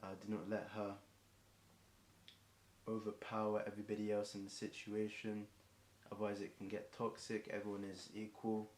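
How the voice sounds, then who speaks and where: Young English man, low flat voice, slightly hoarse, rambling rhyming freestyle, lots of ums, echoey room. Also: moderate pace. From England. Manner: rambling, self-correcting, frequent ums and restarts. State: voice getting hoarse. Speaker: streamer performing a marathon song. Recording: echoey room with faint background noise.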